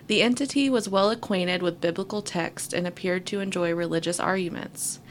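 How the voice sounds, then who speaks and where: A woman's voice: lowish voice, moderate pace, a little hiss or hum. A woman co-host reading a story aloud, breaking off now and then for wry asides. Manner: reads at an even pace with wry asides. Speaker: podcast co-host. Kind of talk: reading a story aloud between casual chat.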